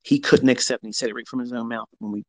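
A man in his fifties talks bluntly and swears freely as he hosts a live audio chat. He tells a story by acting out both sides of past conversations. His voice sits at an ordinary pitch and sounds dry and close. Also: fairly even intonation, quick pace, a bit bright, no room sound, poor audio. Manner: blunt and profane, acts out both sides of remembered arguments. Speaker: host.

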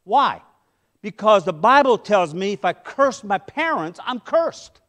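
A middle-aged man preaching a sermon as pastor, impassioned, swinging between loud emphasis and hushed asides. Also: high voice, big pitch swings, unhurried.

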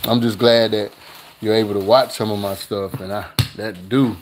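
A man's voice: on the low side, steady tone, normal speed, background noise. An older man hosting a casual live cooking stream, chatting with viewers and reading their comments aloud in a laid-back, slangy way. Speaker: cooking channel host.

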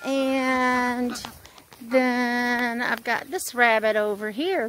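A woman's voice: fairly high pitch, fairly even intonation, very slow, a bit bright, slight background noise. A woman giving a casual walk-and-talk tour of her homestead, chatting to her animals. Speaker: homesteading vlogger. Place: outdoors on a homestead with poultry.

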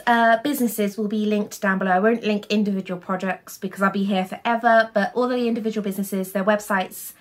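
A woman's voice: mid-range voice, a bit bright. A young woman in a casual haul vlog, talking in a chatty, rambling way full of fillers. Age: young adult. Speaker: vlogger.

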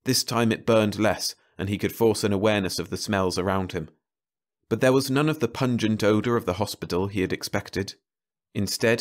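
A man narrating a science fiction novel as an audiobook, with a slow, even storytelling delivery. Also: on the low side.

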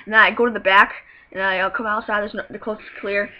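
A woman's voice: mid-range voice, steady tone, fast talker. A woman telling a story in a rambling, profane, giggly way, in casual storytelling. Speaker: vlogger. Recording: muffled lo-fi with faint hiss.

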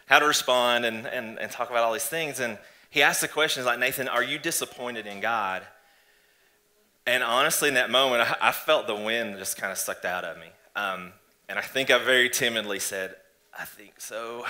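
Bright-voiced man sharing earnest testimony. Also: medium pitch. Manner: earnest, reflective, hesitant restarts. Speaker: church guest sharing testimony. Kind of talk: conversational testimony. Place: church stage before an audience.

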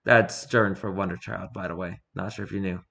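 A man's voice: sits low, steady tone, brisk, gravelly, a bit bright. A man reading a fan story aloud, often tripping over words and adding casual asides. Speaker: story reader.

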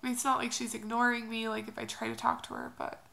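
A young woman vlogging about a personal move, tearful and speaking in a halting, hesitant, soft way. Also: on the high side, level tone, gravelly. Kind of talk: emotional personal vlog.

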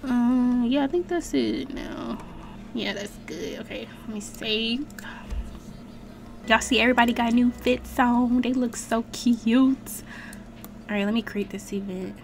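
A young woman chatting casually as she streams a life-sim game, talking to her viewers and the characters with slangy, animated exclamations. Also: on the high side, unhurried, background noise. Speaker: gaming streamer. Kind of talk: casual let's-play commentary.

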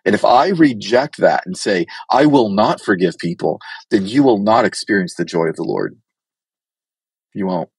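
Blunt low-voiced man preaching. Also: expressive, normal speed, a little mellow, breathy edge, no room sound. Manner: blunt, direct and exhorting. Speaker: pastor. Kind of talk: sermon teaching.

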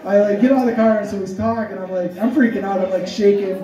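A man telling a comic story, rambling and animated with many fillers. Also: sits high, fast. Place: storytelling event hall. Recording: echoey room, distant dull mic.

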